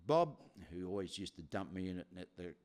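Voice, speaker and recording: Lively man preaching. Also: sits low, fairly quick. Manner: animated storyteller with many repetitions. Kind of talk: sermon with storytelling.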